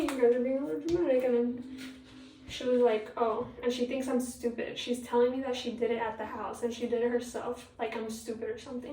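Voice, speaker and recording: Teen girl, get-ready-with-me chat, rambling, mellow voice, tablet mic set back in an echoey bathroom. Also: on the high side, far from the mic, a little hiss or hum. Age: teens. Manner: rambling, many fillers, retells dialogue. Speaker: vlogger. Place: home bathroom. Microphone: tablet propped a little far away.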